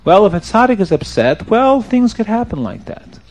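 A man telling a story to children, animated and checking that his young listeners are following along. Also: high-pitched, moderate pace.

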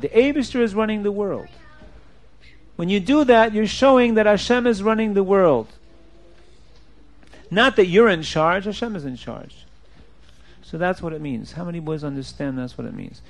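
A man with a fairly high voice tells a story to a class of boys. He keeps it animated, leaping in pitch and acting out each speaker in the tale. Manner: animated, jumps in pitch and acts out quotes. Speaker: teacher telling a story to boys. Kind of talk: storytelling lesson.

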